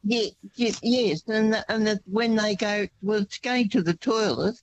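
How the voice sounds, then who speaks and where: A woman's voice: medium pitch, a little slow, slight background noise. A woman calling in to a radio show, speaking hesitantly over a muffled line. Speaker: caller. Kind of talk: phone-in radio call.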